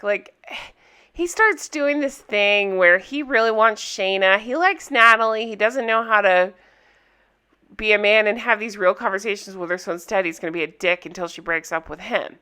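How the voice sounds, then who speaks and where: A woman's voice: mid-range voice, moderate pace, sharp tone, clean tone. A woman recapping a reality TV episode for her viewers in casual chat, candid and chatty, laughing often.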